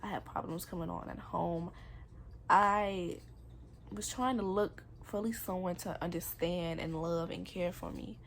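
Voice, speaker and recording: A woman's voice: lowish voice, fairly even intonation, measured pace, slight background noise. Young woman telling a candid story. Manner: candid, earnest, casual slang. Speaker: vlogger. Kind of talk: personal storytime vlog.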